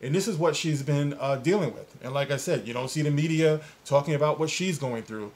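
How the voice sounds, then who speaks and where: A man's voice: fairly high pitch, brisk, darkish tone. A man hosting a commentary video, talking in an indignant, emphatic way and rambling with fillers as he sounds off on an online controversy. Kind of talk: opinionated casual commentary.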